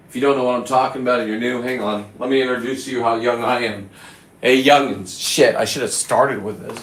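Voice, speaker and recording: A man's voice: medium pitch, fairly even intonation, fairly quick, a little hiss or hum. A middle-aged man rambling through a profane, boastful casual monologue to his viewers. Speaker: vlogger. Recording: echoey room.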